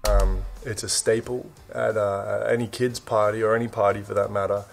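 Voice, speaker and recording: A man's voice: fairly low pitch, level tone, moderate pace, gravelly. A man with an Australian accent, casually explaining slang to the camera in a laid-back, dry, self-mocking way. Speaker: actor teaching slang.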